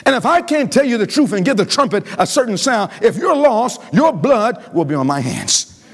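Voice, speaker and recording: A man preaching a revival sermon in a church. He keeps asking the congregation to finish his sentences, and he swings between loud emphasis and low pleading. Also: sing-song, normal speed. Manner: call-and-response questioning of the congregation. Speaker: pastor. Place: church sanctuary.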